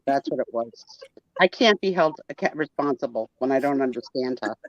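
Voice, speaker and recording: A woman hosting a live sale and chat, teasing her guests in playful, animated banter over a video call. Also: very deep voice, a little fast, dry recording, highs cut off. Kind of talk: casual live-stream chat.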